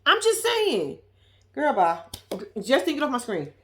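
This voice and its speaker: A woman's voice: sits high, huge pitch swings, unhurried. A young woman giving blunt, profane, sassy reaction commentary on a reality show, talking straight to her viewers.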